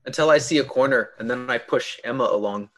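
A man playing a tabletop game on a stream, excitable and goofy. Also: medium pitch, brisk. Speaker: player. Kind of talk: casual tabletop play on a stream.

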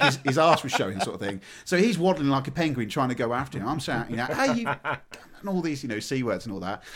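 A man on a podcast telling a story with lots of energy, laughing and swearing as he gets excited. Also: medium pitch. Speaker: podcast co-host. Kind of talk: casual storytelling chat.

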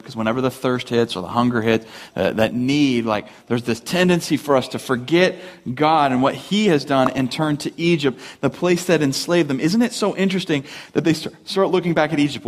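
A man preaching a sermon, animated, asking rhetorical questions and acting out the voices of complainers. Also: mid-range voice, moderate pace. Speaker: pastor.

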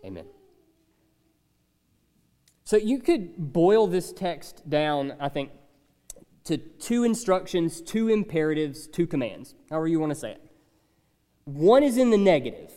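A man's voice: a little high, big pitch swings, unhurried, dark tone, in a large hall. A man preaching a conversational sermon, emphatic and repeating key phrases. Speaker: pastor.

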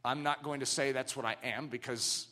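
A middle-aged man preaching a sermon, swinging from loud declarations down to hushed, low passages. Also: fairly even intonation, moderate pace.

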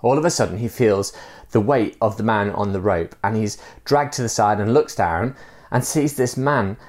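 A man's voice: lowish voice, moderate pace, darkish tone. A man preaching a sermon in a conversational way, telling a fable with frequent fillers. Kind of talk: sermon with storytelling.

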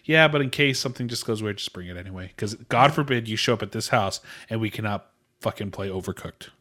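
A man's voice: fairly low pitch, fast talker, pushed and bright. A man co-hosting a podcast, chatting casually with a friend, profane and teasing. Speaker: podcast co-host. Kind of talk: casual chat.

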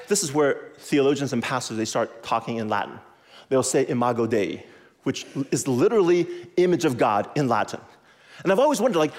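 Lively man preaching to a congregation. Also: fairly high pitch. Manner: lively, conversational, repeats phrases for emphasis. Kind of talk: animated sermon with audience call-and-response.

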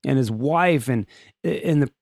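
A man's voice: medium pitch, a little slow, creaky, no echo, clean studio sound. A middle-aged man hosting a podcast, chatting casually and jokingly about odd news stories. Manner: joking, animated, puts on silly voices for quotes. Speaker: podcast host. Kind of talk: casual comedic news chat.

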